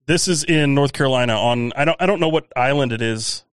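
A man's voice: mid-range voice, a little fast. A man co-hosting a podcast in casual chat, hesitant and prone to mumbling. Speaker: podcast co-host.

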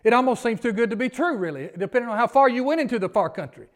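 A man's voice: extremely high pitch, lively intonation, racing. A man preaching a sermon as pastor, folksy, often chuckling and asking the congregation questions. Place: church sanctuary.

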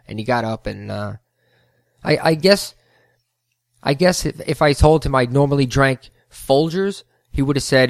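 A podcast host who owns a float center tells a rambling story in a casual monologue, breaking off into heated asides. His mid-range voice is creaky and a little slow, recorded cleanly in a studio with no room sound.

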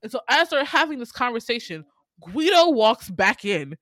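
A woman in casual chat recapping a movie, animated and profane and laughing often. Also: a little high, moderate pace, no echo.

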